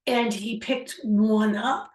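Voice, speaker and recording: A woman's voice: a little high, steady tone, slow pace, a little mellow. Musing woman host in an echoey room. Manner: musing, reflective, rambling. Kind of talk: storytelling on a talk show. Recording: echoey room, far from mic.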